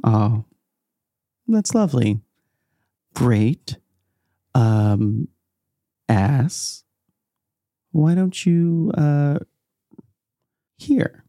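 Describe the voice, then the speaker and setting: A man voicing a glowing-eyed male cult leader in a tabletop game, falsely friendly with a calm, sinister edge. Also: medium pitch, drawn-out words, long pauses, no echo, clean studio sound, pitched above the performer's own voice, heavily acted. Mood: coaxing.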